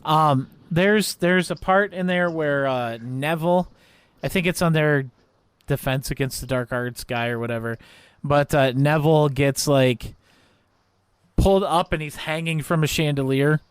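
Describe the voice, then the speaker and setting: A man's voice: fairly high pitch, a little slow, clean tone, no echo, clean studio sound. A man co-hosting a podcast in casual chat, laughing often and acting out quoted lines. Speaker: podcast co-host.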